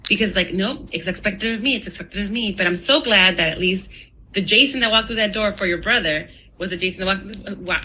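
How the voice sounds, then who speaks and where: A woman hosting a podcast, animated and encouraging, laughing easily and mixing in Spanish words. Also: mid-range voice, a little hiss or hum, poor audio. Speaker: podcast host. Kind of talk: casual interview chat.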